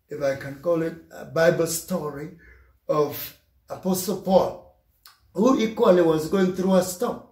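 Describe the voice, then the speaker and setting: A man preaching a sermon as pastor, slow and emphatic, repeating his phrases for weight. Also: high-pitched, a little mellow, echoey room.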